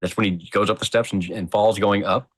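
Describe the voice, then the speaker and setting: A man's voice: fairly low pitch, steady tone, brisk, slightly rough. A man guest on a casual talk show, thinking aloud and making emphatic points. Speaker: podcast guest. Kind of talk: casual chat.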